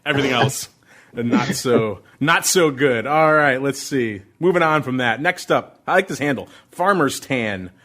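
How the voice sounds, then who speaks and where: A middle-aged man hosting a podcast, answering listener questions about options trading in an excitable, ramped-up way. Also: medium pitch. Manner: excitable, fast, ramped-up delivery. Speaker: podcast host.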